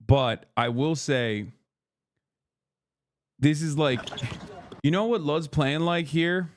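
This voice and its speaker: A man's voice: fairly high pitch, slow, dry recording. A man streaming, giving casual, profane reaction commentary and mimicking friends.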